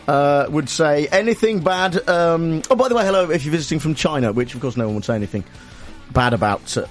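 A man's voice: fairly high pitch, animated, a little fast, faint music behind. A man hosting an afternoon talk radio show, rambling through sardonic banter. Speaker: radio host. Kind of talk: comic radio show opening.

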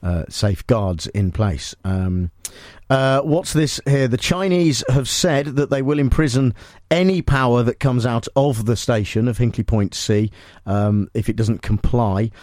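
A man hosting a radio show, delivering made-up news with dry, deadpan humour and rambling asides. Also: mid-range voice, unhurried, few pauses, no echo. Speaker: radio host. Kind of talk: deadpan comic radio chat. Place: radio studio.

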